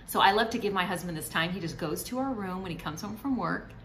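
A middle-aged woman vlogger talks straight to the camera, offering chatty, encouraging marriage advice and occasionally acting out what a spouse might say. She speaks fast in a lowish, slightly bright voice, and the rough recording has a little hiss or hum.

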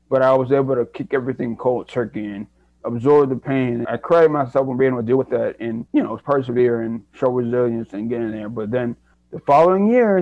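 A man's voice: mid-range voice, no echo. A young man, a guest in an interview, telling his own story in an earnest, reflective way and often restarting his sentences. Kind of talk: candid personal story. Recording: dry, dull lo-fi sound.

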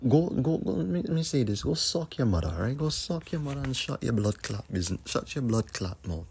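A man's voice: mid-range voice, sing-song, a little fast, gravelly, few pauses, darkish tone, a little hiss or hum. A man hosting a podcast, ranting angrily in a profane, repetitive monologue. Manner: angry, repetitive, cursing. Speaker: podcast host.

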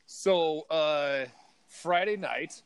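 A man's voice: fairly high pitch, extremely slow, clean tone. A man co-hosting a podcast, telling a heated, profane story in casual chat. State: partly deaf in left ear. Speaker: podcast co-host.

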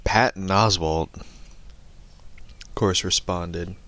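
A man's voice: low voice, extremely slow, fairly bright tone. A young man giving a rambling, profane opinion rant and chuckling between remarks. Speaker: online commentator.

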